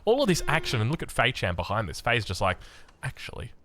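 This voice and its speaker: A man with an Australian accent casting a strategy game in excitable, chatty commentary. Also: medium pitch, fast talker. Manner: excitable, animated, chatty, laughs often. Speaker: game caster.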